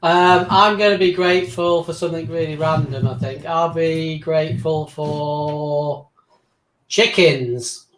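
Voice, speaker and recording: A man's voice: a little high, steady tone, unhurried, a bit bright, reverberant. A man with an English accent, a guest in a casual online chat, laid-back and dryly amused, talking over a video call.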